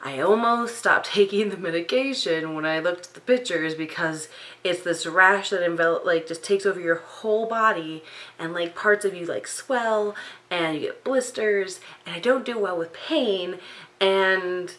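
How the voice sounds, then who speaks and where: Rambling young woman with a bright voice. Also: on the low side, measured pace, rough recording. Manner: rambling, many fillers and restarts. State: sleep-deprived, up late at night. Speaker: vlogger. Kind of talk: unscripted personal vlog.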